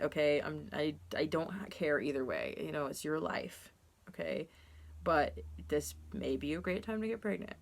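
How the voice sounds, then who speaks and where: A woman's voice: low voice, vocal fry, fairly bright tone. A young woman giving a casual tarot reading to camera, candid and rambling, with frequent ums and self-corrections. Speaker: tarot reader.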